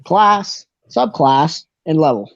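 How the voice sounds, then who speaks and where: Brief: gruff halfling official, played by a man, clipped demands, raised pitch, dry muffled sound. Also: lively intonation, takes it slowly, no echo, full character voice. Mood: curt. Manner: clipped, bureaucratic questioning. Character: gruff male halfling ticketmaster, curt and officious.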